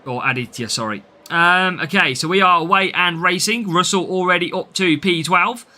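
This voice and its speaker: A man's voice: high voice, moderate pace, sharp tone. A man from the English Midlands with a Midlands accent, chatting through a live game stream and answering viewers' comments as he plays.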